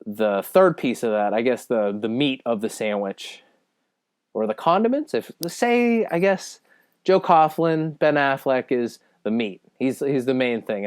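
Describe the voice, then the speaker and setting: A man's voice: mid-range voice, smooth, dry recording, clean studio sound. A man giving rambling, self-deprecating casual commentary over a speed painting. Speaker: speed-painting video host reviewing a film.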